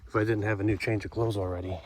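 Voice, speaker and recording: A man talks to his camera while hiking a forest trail, in a lowish voice. He rambles through stories in a casual, loose way and acts out what people said. The outdoor audio carries clear background noise. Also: steady tone, racing. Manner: rambling storytelling with many fillers and acted-out quotes. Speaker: hiker vlogging on the trail. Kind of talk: casual spoken trail diary.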